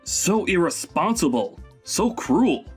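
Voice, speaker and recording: A man voicing a young husband who sternly reproaches his mother in an animated story drama. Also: sits high, takes it slowly, husky, soft background music, heavily acted. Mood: reproachful.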